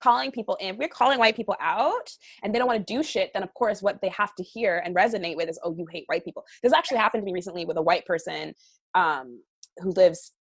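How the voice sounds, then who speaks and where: A woman's voice: medium pitch, quick pace, husky, dry recording. A woman from Canada, a podcast guest, speaking bluntly and emphatically in a candid interview, swearing freely.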